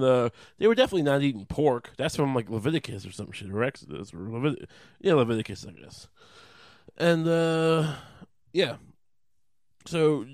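A man's voice: medium pitch, a little mellow, dry recording. A man hosting a podcast, ranting in a profane, rambling comedic way. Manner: profane, rambling, laughing at his own jokes. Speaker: podcast host. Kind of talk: casual comedic rant.

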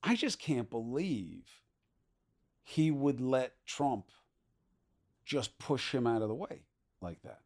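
A man with a mid-range voice hosts an interview podcast. He talks quickly and casually, with plenty of fillers and asides. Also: medium pitch, big pitch swings, darkish tone. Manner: quick, conversational, with many fillers. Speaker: podcast host.

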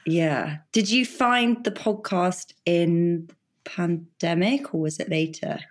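A woman's voice: fairly low pitch, slow pace. A woman hosting a podcast, chatting in a bubbly, exclamatory way. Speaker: podcast host. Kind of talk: casual conversation.

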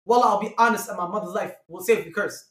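A young man, telling a story in casual chat, animated and repeating himself as he acts out quotes. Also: high-pitched, fast talker. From New York. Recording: echoey room.

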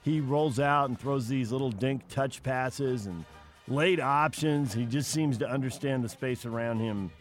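A man hosting a sports radio show, briskly running through scores and handing off to his co-host. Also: medium pitch, soft background music. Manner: brisk, reads scores then asks co-host.

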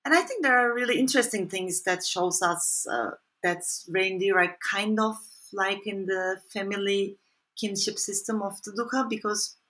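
A woman researcher and author, appearing as a guest, gives a conversational interview answer in a thoughtful, hesitant way, full of fillers and restarts. Her voice is medium-pitched and slightly bright, at a normal speed.

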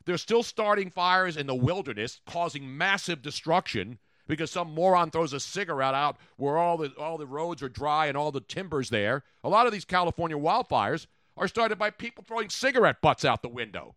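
A male talk show host tells stories in a lively, swooping voice that sits a little high. His tone is bright and forceful, and the sound is dry and close. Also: normal speed, hardly any pauses, no room sound. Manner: rambling, animated storytelling. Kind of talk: casual comedic talk show chat.

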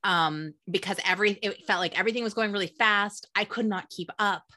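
Bright-voiced woman, chatty podcast co-host. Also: medium pitch, fairly quick. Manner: chatty, emotional, laughs often. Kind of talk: casual chat.

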